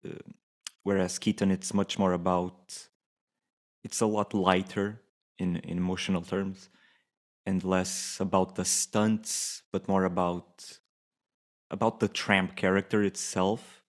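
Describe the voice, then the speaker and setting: A man co-hosting a casual film-review podcast. He speaks in a relaxed, thoughtful way and often restarts his sentences. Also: low-pitched, slow pace. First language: Portuguese. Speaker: podcast co-host.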